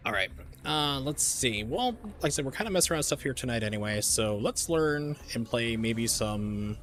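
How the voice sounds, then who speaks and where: Brief: forties guy, loose rambling game-stream chat, mid pitch, faint music underneath. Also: expressive, normal speed, fairly bright tone. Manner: rambling storyteller with many fillers. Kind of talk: casual chat while gaming.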